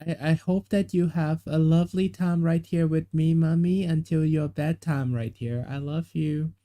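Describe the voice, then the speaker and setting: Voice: mid-range voice, steady tone, normal speed, mellow. A gaming streamer commenting on a game, repeating words and reading dialogue aloud.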